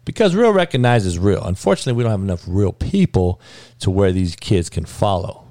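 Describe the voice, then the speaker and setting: A low-voiced man with a gravelly, fry-laden tone, hosting a sports podcast. He rants bluntly and curses freely. The sound is close and dry, with no room around it. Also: brisk, no room sound. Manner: profane, blunt, animated rant with frequent cursing. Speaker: podcast host. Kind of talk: casual sports commentary rant.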